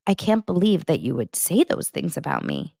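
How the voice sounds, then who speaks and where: A whiny young man who sulks and feels sorry for himself, mocked by a woman recapping reality TV. The voice is soft and hushed and the words come out slow. The sound is close and dry. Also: deep voice, huge pitch swings, gravelly, breathy edge, no room sound, exaggerated voice. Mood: sulky. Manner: sulky, hushed mocking impression.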